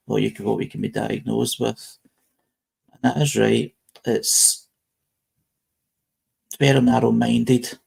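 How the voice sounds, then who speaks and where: A British man with a strongly gravelly, creaky voice hosts a casual live-stream chat. He reads posts aloud and wanders through his thoughts, often restarting his sentences. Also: medium pitch, darkish tone. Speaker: host.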